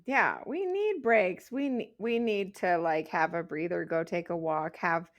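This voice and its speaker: A woman's voice: on the low side, unhurried, highs cut off. A woman co-hosting a podcast about motherhood, talking casually and candidly, laughing often between her points. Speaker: podcast co-host. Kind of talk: casual chat.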